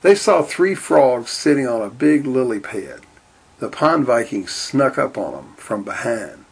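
A man reading a storybook aloud in a steady, deadpan way. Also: mid-range voice, measured pace, gravelly, slightly rough. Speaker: narrator.

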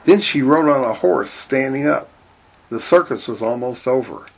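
A man reading a children's-style story aloud in a deadpan, matter-of-fact way. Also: mid-range voice, moderate pace, gravelly, husky. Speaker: narrator.

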